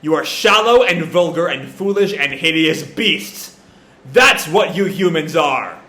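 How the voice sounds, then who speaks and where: A man's voice: fairly high pitch, animated, measured pace, pushed and bright. A man voicing a scornful demon god who declaims his contempt for humans. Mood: contemptuous. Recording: echoey room.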